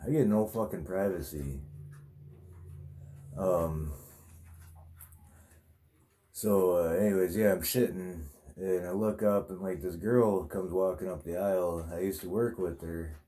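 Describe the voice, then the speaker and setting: A man vlogs about a dream he had, wandering through the story with lots of swearing and filler words. His low-pitched, dark voice stays fairly even, a little slow, with frequent pauses.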